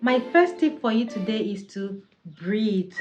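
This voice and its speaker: A woman's voice: medium pitch, expressive, measured pace, over music. A young adult woman talking to camera as a vlogger, giving casual tips in a sassy, chatty way that laughs easily.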